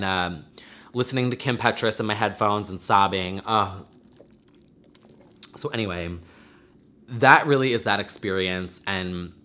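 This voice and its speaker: Pushed and bright, a man's lowish voice carries a rambling, emotional vlog monologue as he verges on tears and speaks effusively. He is a vlogger and podcast host, and the talk is casual.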